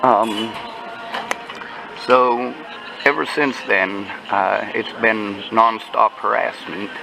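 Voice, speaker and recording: A man's voice: lowish voice, fairly even intonation, very slow, gravelly, over music, rough recording. A man telling his story in casual conversation, agitated and profane, often restarting his sentences.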